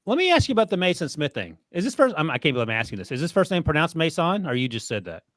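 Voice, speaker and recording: A man co-hosting a podcast, talking fast and teasing his co-host with frequent laughs. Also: a little high, very animated, fairly bright tone, no echo. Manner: quick, laughs often, teasing. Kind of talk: casual sports chat.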